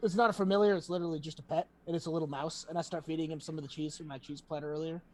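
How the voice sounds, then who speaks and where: A man's voice: a little high, fairly even intonation, very fast, a little mellow, a little hiss or hum. A man playing a tabletop game, half paying attention and joking. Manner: distracted, joking. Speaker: player.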